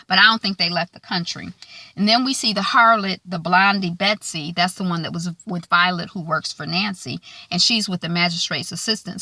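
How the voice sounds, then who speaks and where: A woman chats through an episode recap, casual and talkative, full of filler words. Her voice is bright and forceful. The recording is dry and close. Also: lowish voice, no echo. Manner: chatty, lots of um fillers, acts out quotes. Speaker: recap vlogger.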